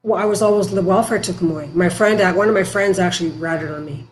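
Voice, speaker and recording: A woman's voice: fairly low pitch, low-quality recording. Frank middle-aged woman, faint background hiss. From Canada. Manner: frank, halting, emotional at times. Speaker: podcast guest. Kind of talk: candid recovery interview.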